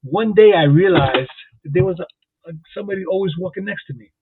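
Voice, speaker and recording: A man from Jersey City telling rambling stories as a podcast guest, repeating words excitedly. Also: high-pitched, a little fast, a little hiss or hum. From Jersey City, New Jersey. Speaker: guest, former boxing champion and police officer. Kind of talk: casual storytelling. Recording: tinny phone-like line, dry.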